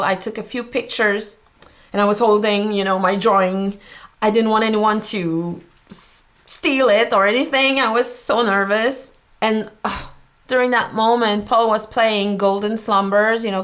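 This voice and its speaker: Young woman talking real slow about a big moment, keeps laughing, kinda choked up. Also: mid-range voice, a bit bright. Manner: slow, halting, laughs often, moved and speechless. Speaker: portrait artist reacting to an old video. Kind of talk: emotional reaction vlog.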